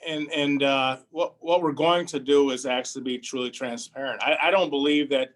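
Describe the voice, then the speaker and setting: A man's voice: medium pitch, fairly even intonation, moderate pace, a bit bright, low-quality recording. Hesitant man answering on a video call. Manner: hesitant, many restarts and fillers. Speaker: union candidate answering a question. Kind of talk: town hall answer.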